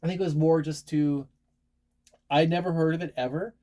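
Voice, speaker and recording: A man's voice: fairly high pitch, fairly even intonation, normal speed. Man, casual collector chat, rambling, self-deprecating, frequent restarts, faint background hiss. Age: adult, married. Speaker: collector showing his latest purchases.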